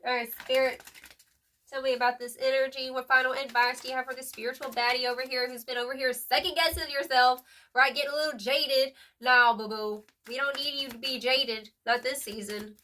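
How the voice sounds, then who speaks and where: A young woman's high, bright voice runs through a casual tarot reading. She talks in an emphatic, slangy way, calls the listener "boo-boo," and punctuates her points with "period." She sits a little back from the mic. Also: steady tone, a little fast, recorded from a distance, slight background noise. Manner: chatty, emphatic, lots of "like" and "period". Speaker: tarot reader.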